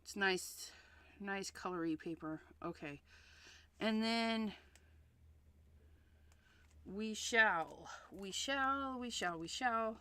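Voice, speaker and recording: A woman's voice: mid-range voice, animated, slow pace, long pauses, bright, forceful tone, a little hiss or hum. A woman hosting a card-making livestream in a casual demonstration, chatty and thinking aloud, often repeating herself.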